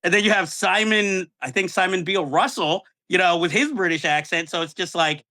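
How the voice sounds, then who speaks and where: A man's voice: high-pitched, a little fast, pushed and bright. A man hosting a podcast, chatting about films and acting out his own reactions. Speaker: podcast host. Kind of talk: casual film chat.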